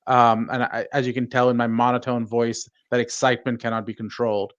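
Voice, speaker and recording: A man's voice: medium pitch, level tone, a little fast, no room sound, dull audio. A man hosting a casual podcast chat, rambling through fillers with a dry, self-mocking manner. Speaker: podcast host.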